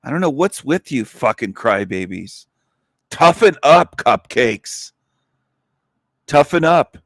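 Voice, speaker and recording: A man's voice: mid-range voice, fairly bright tone, no echo, studio quality. Profane, scornful man ranting. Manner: blunt and profane, with scornful laughs. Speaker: livestream host. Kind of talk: angry rant.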